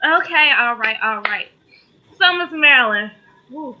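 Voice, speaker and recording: A woman's voice: sits high, expressive, measured pace, lo-fi sound. A woman co-host giving a heartfelt spoken tribute, fighting back tears as she talks. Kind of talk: emotional tribute in casual talk.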